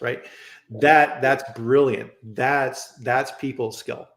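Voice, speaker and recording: A man's voice: medium pitch, slow. A man hosting a casual live-stream chat, telling stories and often adding "right?" as he talks over a video call. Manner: animated storyteller, repeats "right?". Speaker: host. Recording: roomy echo.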